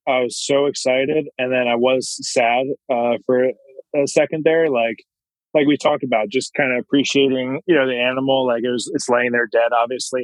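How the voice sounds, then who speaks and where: A young man speaks as a podcast guest in an average-pitched voice. He talks thoughtfully and rambles, filling gaps with "uh" and "you know". The recording is dry and close-miked. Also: dry recording, low-quality recording. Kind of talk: casual interview chat.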